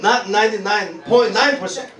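A man preaching a sermon, animated and laughing as he tells a story, pausing often to search for words. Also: sits high, crowd noise. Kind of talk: sermon with live interpreting. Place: church hall. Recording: echoey hall, distant mic, congregation.

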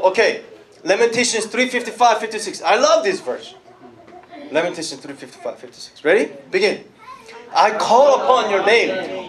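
High-voiced, lively preacher man. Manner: lively, calls out to the congregation and laughs often. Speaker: pastor. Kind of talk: sermon.

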